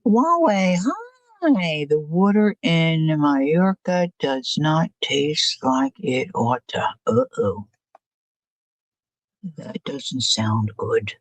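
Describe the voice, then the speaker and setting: A woman's voice: low voice, big pitch swings, drawn-out words, no echo, poor audio. A woman hosting a craft live stream, chatting casually and musing aloud about her choices as she works, often asking her viewers what they think. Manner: chatty, muses aloud, asks viewers questions.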